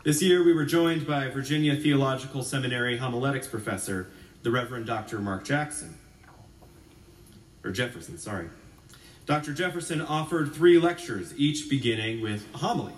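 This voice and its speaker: Relaxed male priest preaching in a roomy church. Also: mid-range voice, moderate pace. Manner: conversational and self-deprecating, then reflective. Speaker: Episcopal priest. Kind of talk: sermon. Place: church sanctuary. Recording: roomy church echo from a distance.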